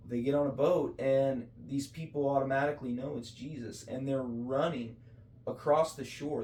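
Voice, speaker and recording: A man talks faith on a casual podcast in an earnest, preachy way, often restarting his sentences. His voice sits at an everyday pitch and carries the echo of a roomy space, picked up from a little way off the mic. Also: darkish tone, far from the mic, slight background noise. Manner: earnest, preachy, full of self-corrections. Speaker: podcast co-host.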